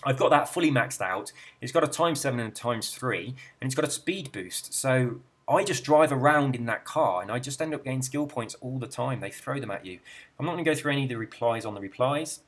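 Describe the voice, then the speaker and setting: An Englishman with an English accent talks in a loose, rambling chat as a gaming host. His pitch jumps around in a lively way, and he is often self-deprecating. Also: fairly quick. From England. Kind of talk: casual chat reading viewer comments.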